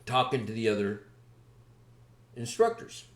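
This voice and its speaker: Podcast guy telling a story, bouncy expressive pitch, dry jokey delivery. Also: unhurried. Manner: animated, wry anecdotal telling. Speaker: podcast host. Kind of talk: casual storytelling.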